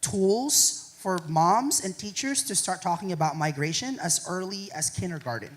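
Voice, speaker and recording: A man speaking at a university lecture hall, answering audience questions in a lively, joking way and often tagging his points with "right?". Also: sits high, normal speed, a little hiss or hum. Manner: animated, joking, keeps adding "right?". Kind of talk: public talk Q&A.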